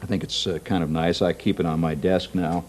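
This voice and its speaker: A man's voice: low-pitched, little pitch movement, fairly quick, a little mellow. A man hosting a TV talk show, doing a jokey, wry comic monologue and laughing at his own jokes.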